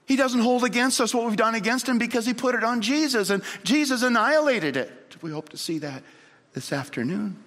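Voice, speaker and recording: A man preaching a sermon, telling a story dramatically and swinging from loud to hushed. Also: very high-pitched, lively intonation, fairly quick. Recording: long hall reverb.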